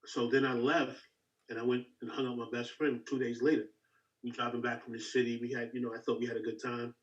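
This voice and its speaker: A man's voice: medium pitch, flat delivery, fast. Man, casual chat, emphatic, repeats words, dull far-off sound.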